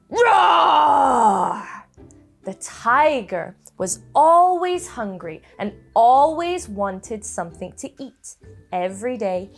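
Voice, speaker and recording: A young woman leads an interactive children's story, her voice slightly high and swinging widely up and down. She speaks slowly and coaxingly, with gasps and playful animal noises, as soft music plays faintly behind her.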